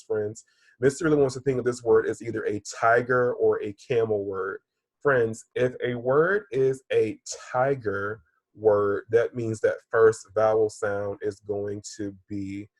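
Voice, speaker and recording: Soft-spoken male teacher with a husky voice. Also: on the low side, no room sound. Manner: patient, often says "friends" and "um". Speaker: third-grade teacher. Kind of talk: recorded online reading lesson.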